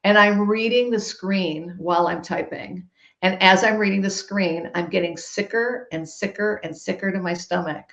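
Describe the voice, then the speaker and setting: A woman tells a personal story with animated emphasis. Her voice sits at a middle pitch. The recording is roomy and slightly muffled. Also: moderate pace, creaky. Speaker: guest. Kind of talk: storytelling in a podcast conversation. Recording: roomy, dull-sounding recording.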